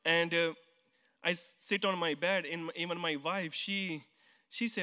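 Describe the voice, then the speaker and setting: A man's voice: on the high side, fairly even intonation, a little slow, bright, forceful tone. Earnest Indian man testifying in church. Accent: Indian English. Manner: simple, earnest, non-native grammar, some hesitant restarts. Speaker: church member giving testimony. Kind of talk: personal testimony on stage. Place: church hall. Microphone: handheld mic. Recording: long reverb of a church hall.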